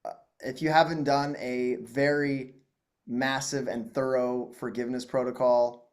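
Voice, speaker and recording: A man coaching on a group call, calmly explaining how hypnosis and trance work. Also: medium pitch, measured pace.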